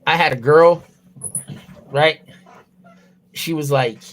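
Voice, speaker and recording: A man's voice: on the high side, slow, fairly bright tone. A young man chatting on a livestream, crude and blunt, swearing constantly and rambling loosely with restarts. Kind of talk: casual livestream chat.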